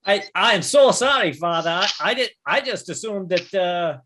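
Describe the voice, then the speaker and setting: Flustered stammering player. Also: male voice, sits high, lively intonation, normal speed, noisy background. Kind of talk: tabletop role-play in character.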